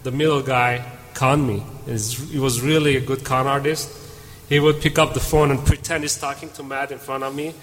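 A man's voice: medium pitch, moderate pace, faint music behind. Man telling a story in a reverberant hall. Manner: animated storyteller, acts out dialogue. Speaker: panel speaker. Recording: reverberant hall, faint room noise.

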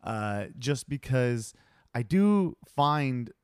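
A man co-hosting a podcast, chatting casually and jokingly, acting out quotes in lively voices. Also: medium pitch, extremely slow, clean tone, no room sound, clean studio sound. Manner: animated, jokey, acts out quotes. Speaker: podcast co-host. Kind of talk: casual chat.

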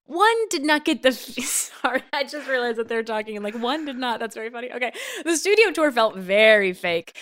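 Woman host, bright clear tone, higher voice, playful and laughing. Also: animated, fairly quick, few pauses. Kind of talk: improv comedy podcast.

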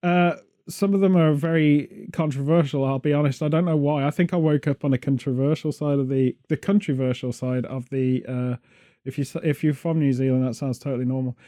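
A British podcast host chats casually, joking and rambling off on tangents. His voice is fairly high and warm, with a steady tone and a brisk pace.

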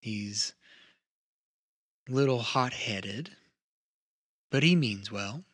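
A man voicing a composed female wood elf who speaks for her council in measured, formal sentences. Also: medium pitch, animated, fairly bright tone, full character voice. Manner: measured, formal diplomatic speech.

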